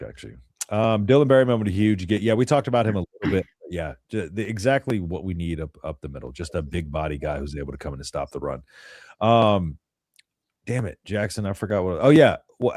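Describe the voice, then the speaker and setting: A young man with a very low voice talks college football on a call-in show, rambling and firmly opinionated, often clearing his throat. The sound is close and dry, with little room in it. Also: darkish tone, dry recording. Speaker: co-host of a sports call-in show. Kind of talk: casual sports chat.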